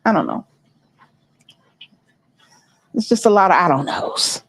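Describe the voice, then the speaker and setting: A woman's voice: fairly low pitch, animated, fast, a little hiss or hum, low-quality recording. A middle-aged woman hosting a livestream, rambling and chatting straight to her viewers in a casual, unscripted way. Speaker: livestream host.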